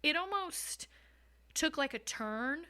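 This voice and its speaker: A young woman talks openly as a podcast guest, her voice fairly high and bright. She tells hard personal stories in a frank, casual way, swearing freely and laughing at times. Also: lively intonation, slow pace. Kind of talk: candid conversational storytelling.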